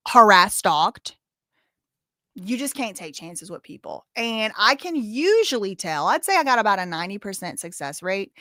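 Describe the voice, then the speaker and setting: A woman's voice: medium pitch, a bit bright, dry recording, clean studio sound. A woman hosting a livestream, answering chat questions in a sassy, blunt, casual way. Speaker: livestream host.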